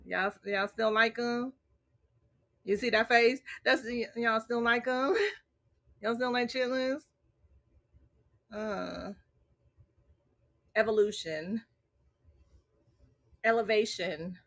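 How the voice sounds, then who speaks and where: A woman's voice: a little high, fairly even intonation, slow, pauses often, a bit bright. A woman hosting a casual late-night livestream chat, talking straight to her viewers and laughing often. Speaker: livestream host.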